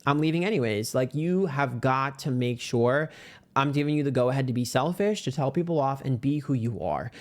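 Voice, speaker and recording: A man's voice: normal speed, darkish tone. Brash, foul-mouthed male tarot reader. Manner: brash, profane, sassy; swings into sudden high-pitched emphasis. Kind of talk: casual pick-a-card tarot reading.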